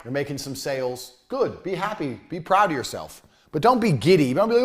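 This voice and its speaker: A man's voice: very animated, brisk. Brash, foul-mouthed man lecturing on business. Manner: blunt, aggressive, swears constantly; swings between loud jabs and low muttered asides. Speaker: business coach. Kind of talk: profane motivational lecture.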